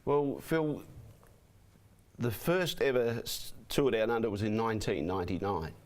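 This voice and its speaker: Give me a hoarse man, a race caller telling chatty stories as a guest. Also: lowish voice, unhurried. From Australia. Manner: chatty, animated anecdotes with repeated "you know what I mean". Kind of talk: interview guest storytelling.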